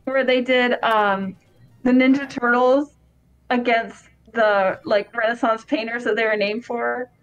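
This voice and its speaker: A woman with a slightly higher voice chatting easily over a retro game session. She talks in a relaxed, friendly way and laughs often. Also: a little slow, dull audio. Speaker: game co-host. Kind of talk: casual let's-play chat.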